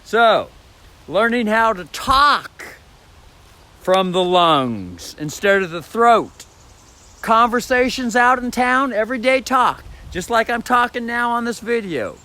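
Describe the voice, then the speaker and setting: A man's voice: very high voice, expressive, slow, pushed and bright. A man recording himself at home for a vlog, talking in a rambling, repetitive way about how to use the voice and swearing freely. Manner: profane, repetitive, demonstrates voice sounds. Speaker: vlogger. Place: indoors at home. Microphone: phone or camera mic.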